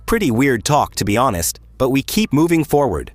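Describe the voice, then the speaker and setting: A man narrating a video game's story as a let's-play recap, casual and lively, with offhand asides to viewers. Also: mid-range voice, moderate pace, no echo, soft background music. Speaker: gaming YouTuber.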